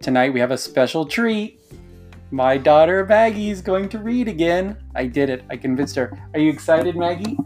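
A man's voice: a little high, animated, moderate pace, darkish tone, faint music behind. A father cheerfully introducing his daughter's reading in a playful presenter tone. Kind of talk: casual introduction.

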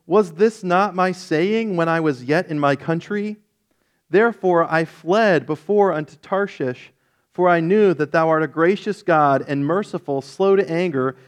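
Speaking a little high, a male pastor gives an easygoing Bible lesson full of light humor and self-corrections. Reading from scripture, he lets his emphasis climb.

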